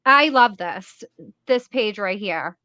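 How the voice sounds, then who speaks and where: A woman's voice: medium pitch, expressive, slow, bright, forceful tone, smooth, low-quality recording. A woman host with a Massachusetts accent, chatting enthusiastically in a casual interview and laughing often.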